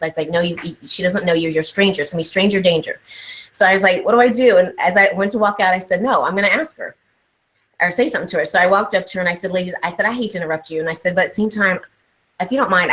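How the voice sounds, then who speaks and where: Lively storytelling woman, slightly low voice. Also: low-quality recording. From Ohio, USA. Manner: animated storytelling, acts out quotes. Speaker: guest speaker. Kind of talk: live online interview.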